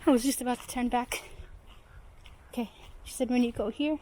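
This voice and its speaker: Young woman, high voice, hiking vlog, out of breath, chatty, faint outdoor background noise. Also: fairly even intonation, a little fast, dark tone. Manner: chatty, talks to viewers, nervous self-talk. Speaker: vlogger. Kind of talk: casual vlog narration while hiking. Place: outdoors in woods.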